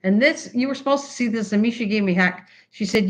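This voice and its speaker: Talking at a quick pace in a slightly high voice, an older woman hosts a crafting livestream. She rambles chattily to her viewers while working, frequently breaking off sentences and beginning again.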